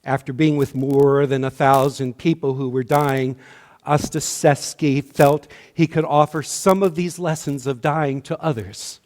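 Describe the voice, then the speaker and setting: A man delivering a sermon as minister, slow and measured, his voice often dropping to a hush at the ends of lines. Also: medium pitch, steady tone, in a large hall. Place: church sanctuary.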